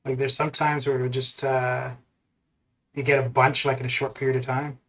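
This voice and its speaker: A Canadian man streams a game while chatting casually over Discord voice chat, rambling, laughing often, and restarting his sentences. His voice is mid-range and a bit bright, with little pitch movement and a normal speed.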